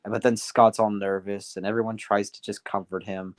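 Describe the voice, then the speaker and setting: Male streamer, casual storyteller, rambling and halting, dry sound. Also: fairly low pitch, flat delivery, no echo. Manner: rambling, many restarts and fillers.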